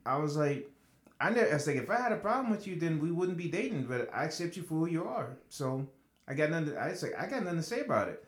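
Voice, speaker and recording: A young man speaks in a casual podcast chat with a fairly high voice. His pitch swings widely as he tells his story with animation. The room around him is noticeably echoey. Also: fast. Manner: animated, jumps up in pitch when making a point. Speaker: podcast co-host.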